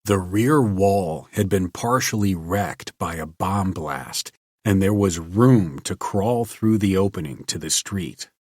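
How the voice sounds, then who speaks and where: A man narrating a science fiction story in a measured, deliberate way. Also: deep voice, expressive, a little mellow, dry recording, clean studio sound.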